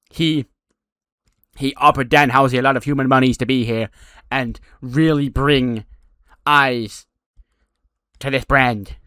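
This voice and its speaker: A man's voice: a little high, pushed and bright, clean tone, no room sound, studio quality, pitched above the performer's own voice. A man voicing an odd, cheerful male wrestler with a demonic gimmick who talks about himself in the third person.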